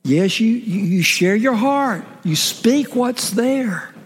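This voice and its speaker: A middle-aged man preaching a sermon as a pastor, with emphatic swings from raised shouts down to whispers. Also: high-pitched, animated, takes it slowly. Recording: long hall reverb.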